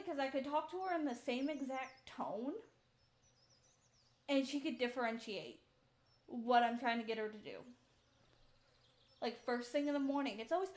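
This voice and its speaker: A woman's voice: high-pitched, moderate pace, pauses often. A woman streamer chatting casually and rambling to herself while playing a game at home. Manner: rambling, chatty, self-talk between game actions. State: out of breath.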